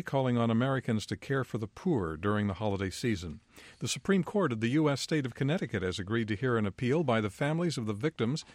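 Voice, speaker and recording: A man reading a scripted world news bulletin as the anchor, in a measured, even newsreader delivery. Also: mid-range voice, dry recording.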